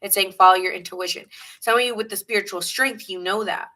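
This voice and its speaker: A woman with a New York accent gives a live tarot reading, chatting loosely and greeting viewers. Her voice is bright and forceful. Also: mid-range voice, a little fast, poor audio. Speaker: tarot reader.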